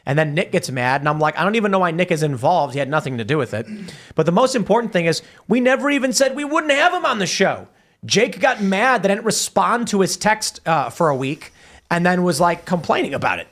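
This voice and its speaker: A man with a somewhat high voice hosts a talk show. He reads viewer messages aloud and wanders off into long, rambling stories. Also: sing-song, a little fast, fairly bright tone. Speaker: podcast host. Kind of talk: casual talk-show banter.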